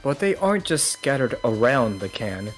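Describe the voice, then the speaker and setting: A man reading game dialogue aloud in a casual co-op playthrough, chatty and quick to laugh. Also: mid-range voice, big pitch swings, faint music behind. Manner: chatty, rambling, laughs a lot. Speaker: co-player.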